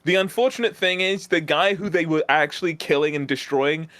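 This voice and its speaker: British man, stream guest, halting chatty storytelling, slightly high voice, dry sound. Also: fairly bright tone, no room sound. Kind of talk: casual chat on stream.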